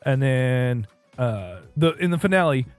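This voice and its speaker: A man's voice: medium pitch, lively intonation, a little slow, no room sound, soft background music. A man co-hosting a casual podcast, chatting in a rambling way full of fillers and asides. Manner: rambling, filler-heavy, laughs at own asides. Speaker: podcast co-host. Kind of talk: casual chat.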